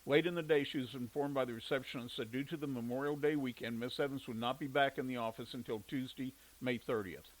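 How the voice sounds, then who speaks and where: A man narrating a story in a steady reading voice. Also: mid-range voice, fast talker, hardly any pauses, low-quality recording. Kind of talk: audiobook narration.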